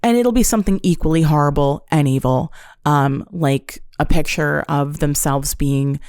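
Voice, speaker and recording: A woman's voice: low-pitched, moderate pace, a little mellow, clear, resonant tone, no room sound, studio quality. A woman hosting a solo podcast, recapping a show in a profane, sarcastic, joking way. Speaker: podcast host. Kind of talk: casual solo podcast storytelling.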